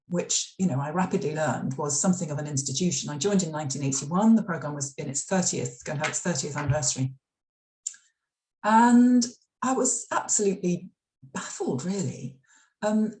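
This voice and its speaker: A woman's voice: fairly low pitch, a little mellow. A middle-aged woman from the UK, an author telling stories in a library interview, chatty, with lots of fillers and restarts. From United Kingdom. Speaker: author and former radio drama scriptwriter. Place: library event room. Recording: echoey room.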